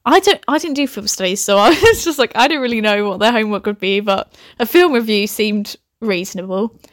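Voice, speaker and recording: A woman's voice: medium pitch, brisk, dry recording, clean studio sound. A young woman reading aloud a comic story she wrote, breaking off often for chatty, giggly, swearing asides. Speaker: podcast host reading her own old story. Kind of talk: comic reading with running commentary.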